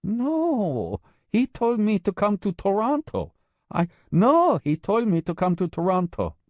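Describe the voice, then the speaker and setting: A man voicing an excitable, erratic woman courier in an audiobook, insistent and flustered. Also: high voice, measured pace, dry recording, lo-fi sound, voice pushed up, heavily acted. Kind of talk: audiobook character voice.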